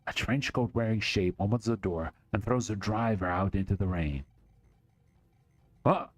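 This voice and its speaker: A man's voice: on the low side, measured pace, dry recording. A man streaming, reading a text game aloud dramatically with casual asides.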